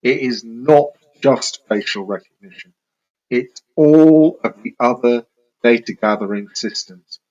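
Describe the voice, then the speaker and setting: Slow, earnest man on a dull line. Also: medium pitch, darkish tone. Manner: measured, earnest. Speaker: guest. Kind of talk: interview talk.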